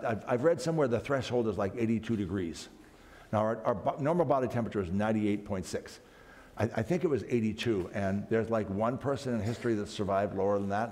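A man's voice: lowish voice, a little mellow. A man speaking at a camp meeting, telling a story dramatically for family worship, often restarting his phrases. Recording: long hall reverb, faint background noise.

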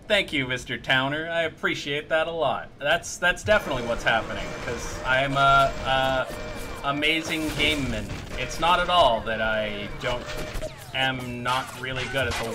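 A man's voice: medium pitch, moderate pace, over music. A Canadian man from British Columbia giving casual, joking, self-deprecating gameplay commentary as a streamer, with some swearing. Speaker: game streamer.

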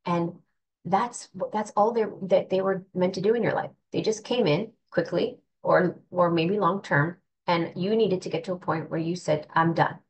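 A woman's voice: on the low side, slight background noise, rough recording. A woman giving an earnest, reflective spiritual talk in a casual, conversational way, often restarting her sentences. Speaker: spiritual teacher.

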